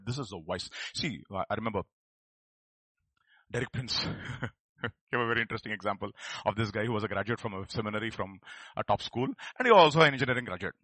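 واعظ رجل بلكنة إنجليزية هندية، صوت مشرق فيه بحّة، يخطب بحماس ويرفع صوته صارخاً. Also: male voice, lowish voice, fast talker, husky, no room sound. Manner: animated, rising to fervent shouts. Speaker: preacher. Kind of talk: sermon.

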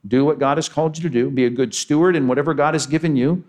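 A man preaching a sermon, animated and acting out the voices he quotes. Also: a little high, quick pace. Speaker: pastor.

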